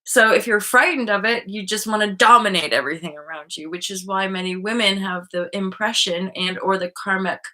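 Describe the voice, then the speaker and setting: On a live online show about spiritual healing, a woman talks frankly and casually, thinking out loud with lots of fillers and the occasional swear word. Her medium-pitched voice is bright and forceful, moving a little fast with few pauses.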